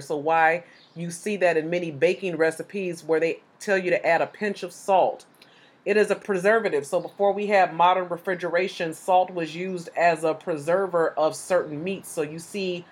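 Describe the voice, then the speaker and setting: A congested woman hosting a faith-based podcast, explaining scripture in an earnest, teaching way. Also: lowish voice. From Chicago area. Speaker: podcast host.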